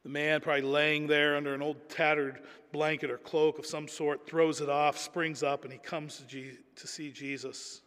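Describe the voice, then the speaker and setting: A man's voice: fairly high pitch, level tone, moderate pace, few pauses, fairly bright tone. Earnest male preacher in a reverberant hall. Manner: earnest, emphatic, repeats words. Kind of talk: sermon.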